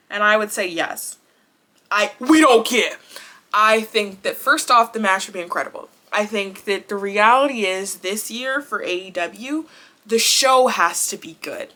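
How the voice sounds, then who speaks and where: Woman wrestling vlogger, crisp bright tone, outspoken, laughs and cusses freely. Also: mid-range voice, takes it slowly. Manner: animated and blunt, swears, laughs often. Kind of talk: casual vlog chat.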